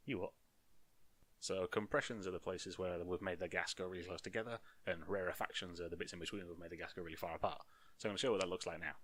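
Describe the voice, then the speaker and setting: A man's voice: deep voice, fairly bright tone, no room sound. A young man explaining a science topic in a casual, jokey way, with mock-boastful asides and playful heckles of himself. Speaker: science video host.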